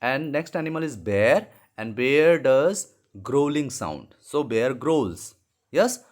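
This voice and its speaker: A man with an Indian English accent runs a lesson for young children at an unhurried pace. His middle-pitched voice rises and falls in lively swings as he repeats each word and slips into Hindi to explain it. He corrects himself and apologises as he goes. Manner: slow, repetitive explaining, mixing in Hindi. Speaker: English teacher.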